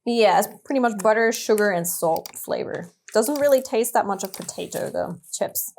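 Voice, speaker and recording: A woman's voice: medium pitch, normal speed, a little mellow, a little hiss or hum. A young woman co-hosting a podcast in casual chat, chatty and giggly. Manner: chatty, giggly, lots of "like" fillers. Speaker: podcast co-host.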